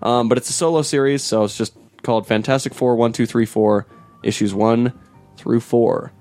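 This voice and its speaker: A man's voice: mid-range voice, steady tone, moderate pace, a little mellow, faint music behind. A man hosting a casual comics chat, laid-back, laughing often and trailing off into fillers. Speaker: podcast host.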